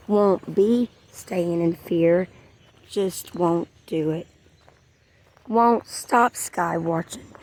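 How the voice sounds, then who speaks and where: A woman talks slowly and earnestly in a faith vlog. Her voice sits low, and she often repeats phrases or lets them fade to a whisper. Birdsong and outdoor sounds carry behind her. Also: darkish tone. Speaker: vlogger. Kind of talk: emotional faith-sharing vlog.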